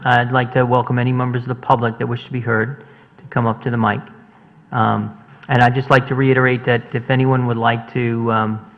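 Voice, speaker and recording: A man's voice: medium pitch, creaky. A man chairing a town commission's public hearing, hesitant and accommodating, with many fillers. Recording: lo-fi broadcast in a reverberant hall.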